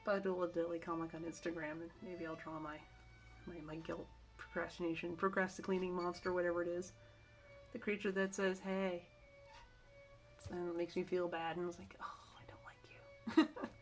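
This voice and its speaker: A middle-aged woman talks casually to camera, rambling from one aside to the next and restarting her sentences. Her voice sits a little low for a woman. Faint music plays in the background. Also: flat delivery, fast. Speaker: vlogger giving work-from-home tips.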